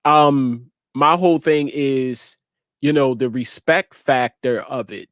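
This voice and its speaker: Speaking slowly at a medium pitch, a male talk show host keeps things casual with his live audience. He laughs a lot, leans on slang and tends to repeat words. The recording is dry and close-miked.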